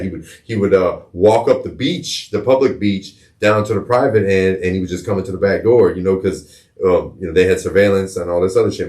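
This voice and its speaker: A man's voice: low-pitched, a little mellow. A middle-aged man hosting a podcast, telling a personal story in a candid, profane way, often repeating words as he searches for them. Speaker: podcast host.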